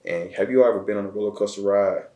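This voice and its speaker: A man from Chicago, a guest telling a personal story in a halting, emotional way, often repeating words. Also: fairly low pitch, fairly even intonation, mellow. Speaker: interview guest. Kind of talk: casual storytelling. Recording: echoey room.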